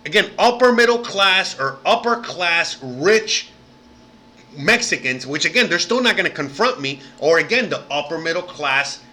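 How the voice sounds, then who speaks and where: A man's voice: a little high, expressive, normal speed, bright, forceful tone. An American man vlogging to camera in a casual rant, profane and rambling, with lots of "you know what I mean". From United States. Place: living abroad in Mexico.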